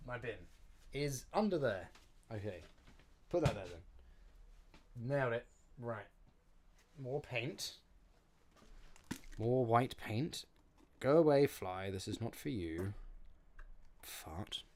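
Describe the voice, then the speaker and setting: A young man builds props on a live stream, chatting casually in a medium-pitched, darkish voice with lively intonation, a slow pace and frequent pauses. He reads chat aloud, answers it and jokes about his own mess, with a little hiss or hum in the background.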